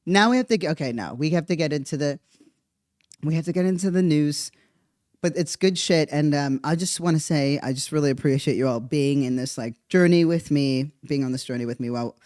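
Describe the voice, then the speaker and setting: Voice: medium pitch, a little fast, dry recording. Podcast host rambling thru a funny bit, keeps laughing, medium voice, dead dry sound. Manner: animated, laughs often, rambling asides. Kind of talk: casual comedic monologue.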